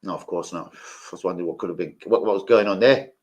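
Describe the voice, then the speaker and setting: A man hosts a live football watch-along, his voice sitting a little low. He talks in a loose, rambling way, drifting into side stories and peppering his chat with swearing as he addresses his viewers directly. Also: fast talker, a little mellow, highs cut off. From London. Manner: rambling, swears freely, chatty asides to viewers.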